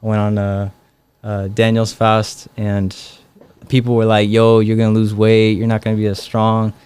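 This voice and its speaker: Smooth-voiced young man telling stories. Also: on the low side, moderate pace. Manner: relaxed, many fillers like "like" and "um". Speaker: guest. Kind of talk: casual storytelling interview.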